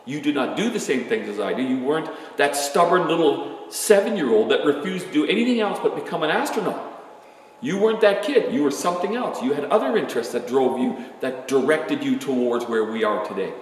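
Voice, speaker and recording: A man's voice: fairly high pitch, animated, fairly quick, a little hiss or hum. A man in his sixties, an astronomer giving an informal, candid talk to students, rambling and self-deprecating as he tells stories. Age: 60s. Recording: echoey hall from far off.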